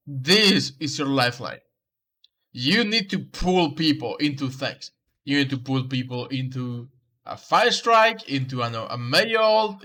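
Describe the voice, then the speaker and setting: A man reviews a player's match as a coach, talking through tactics and saying the key points more than once. His voice is fairly high and very bright. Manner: instructive, repeats key advice. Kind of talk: coaching commentary over gameplay.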